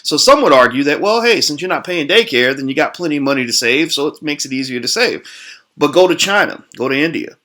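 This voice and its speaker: Bright-voiced American man talking, many fillers. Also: a little high, expressive, a little fast. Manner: rambling with many fillers and restarts. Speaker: host. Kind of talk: casual talk to camera.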